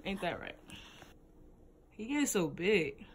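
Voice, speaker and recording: A woman's voice: lowish voice, sing-song, slow pace, a little hiss or hum. A woman vlogging casually outdoors on a walk, talking playfully to a baby and teasing her companion. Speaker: family vlogger. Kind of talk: casual vlog chat.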